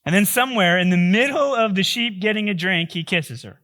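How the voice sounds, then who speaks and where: A man's voice: high voice, animated, a little fast, bright, forceful tone. A male pastor giving a sermon, telling a story in a joking, conversational way.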